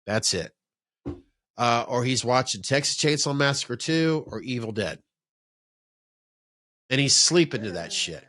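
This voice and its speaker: A man's voice: mid-range voice, expressive, a little slow, pauses often, fairly bright tone, no room sound, clean studio sound. A man hosting a podcast, telling rambling, profane stories in casual chat. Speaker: podcast host. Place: man-cave podcast room.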